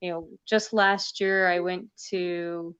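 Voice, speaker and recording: A woman's voice: on the low side, fairly even intonation, takes it slowly, a bit bright, clean tone. Chatty woman comedian, lo-fi audio. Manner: chatty, lots of fillers. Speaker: comedian guest. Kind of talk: casual conversation.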